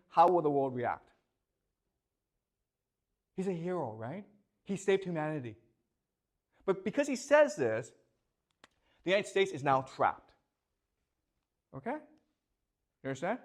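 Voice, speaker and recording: A man's voice: fairly high pitch, very animated, measured pace, long pauses. A man giving a classroom lecture, posing rhetorical questions and constantly checking that his students follow.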